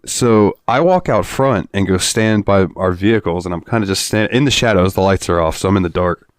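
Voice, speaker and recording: A man co-hosting a podcast, telling a story in a loose, profane way. His voice sits low. The sound is dry and close, and he often breaks into laughter. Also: brisk, dry recording. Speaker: podcast host. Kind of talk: casual chat.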